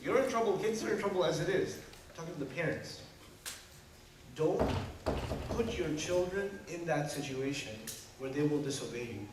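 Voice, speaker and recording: A man delivering a sermon to a gathering, animated, with rhetorical questions and humorous asides. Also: on the high side, moderate pace, background noise. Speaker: preacher. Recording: echoey hall from far off.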